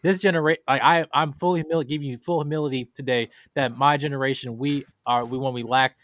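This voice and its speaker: A man's voice: mid-range voice, steady tone, fast, fairly bright tone, no echo. A man from California in a casual podcast discussion, speaking earnestly and reflectively. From California, United States.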